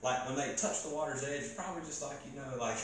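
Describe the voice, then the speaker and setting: A man preaching a casual, joking sermon, talking with the crowd in an animated way. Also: medium pitch, quick pace, a little hiss or hum. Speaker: youth preacher. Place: church gathering hall. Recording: echoey hall from far off.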